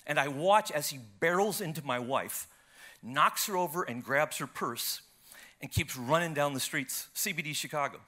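A man preaching a sermon and telling a personal story, swinging from loud, animated retelling to hushed, tearful passages. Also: a little high, normal speed. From United States.

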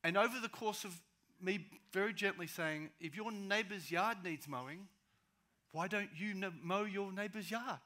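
A man preaching a sermon as pastor, swinging between loud, urgent rises and quiet, slow drops. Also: sits high.

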